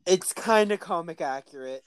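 A man's voice: sits high, animated, normal speed. A man co-hosting a casual movie-review chat, laying out comic-book background and checking in with his co-host. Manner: explains comic lore with teasing check-ins.

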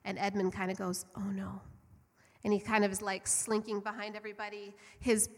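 Middle-aged woman, earnest storytelling sermon, mid-pitched, long hall reverb. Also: little pitch movement, fast. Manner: earnest, fervent, conversational. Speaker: church speaker.

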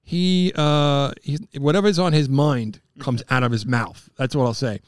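A middle-aged man from Long Island telling stories in a casual chat, excitable and quick to put on high voices for the people in his tales. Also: clear, resonant tone, dry recording, clean studio sound. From Long Island, New York. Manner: excitable, jumps into high-pitched impressions of people.

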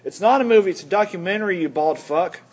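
A man with a husky, somewhat breathy voice pitched a little high trades mock-serious jabs with his co-host. He is profane and stubborn, arguing with comic seriousness on a casual comedy podcast. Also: expressive, fast. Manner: mock-serious, bickering, swears a lot. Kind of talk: improvised comedy podcast banter.

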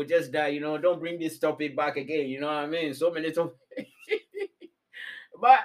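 A man's voice: on the high side, normal speed, long pauses. Rambling slangy man on a live stream. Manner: loose, rambling, repeats himself, slangy. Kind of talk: casual live-stream chat.

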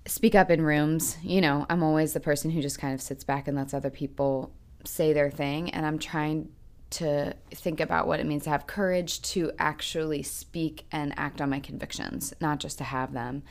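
A woman's voice: low voice, fairly even intonation, moderate pace. A woman co-hosting a podcast, telling a personal story in an earnest, reflective casual chat. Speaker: podcast co-host.

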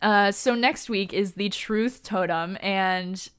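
A woman giving a casual fan recap of a TV episode, excited and gushing, with lots of fillers and laughter. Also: medium pitch, slow pace, clear, resonant tone.

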